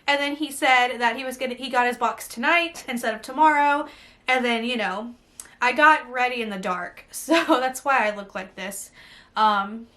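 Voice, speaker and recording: Giddy high bright woman. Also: normal speed. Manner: gushing, breathless and giddy. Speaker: beauty vlogger. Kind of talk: excited unboxing vlog.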